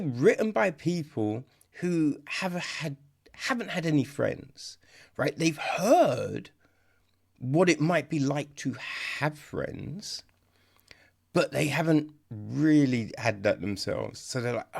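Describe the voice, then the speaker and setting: A podcast host reviewing a film in casual, sarcastic chat, often checking in with "right?" The voice is gravelly, and the pitch swings widely. Speech comes at an unhurried pace. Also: big pitch swings. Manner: conversational, keeps asking "right?", restarts often; sarcastic, mocks dialogue in exaggerated voices.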